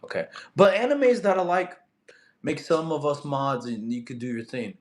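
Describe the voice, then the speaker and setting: Reading through live chat, this young fitness streamer from Russia is animated and gets irritated fast with spammers. His voice is on the high side, and the recording has an echoey room sound.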